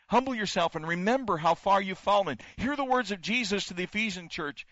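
A man's voice: high voice, animated, a little fast, fairly bright tone, no echo, lo-fi sound. A male pastor delivering a sermon, building points through emphatic repetition.

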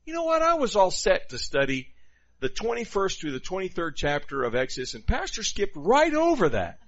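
A man preaching a sermon in an animated, conversational way, with quoted asides to the congregation. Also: high voice, moderate pace, highs cut off.

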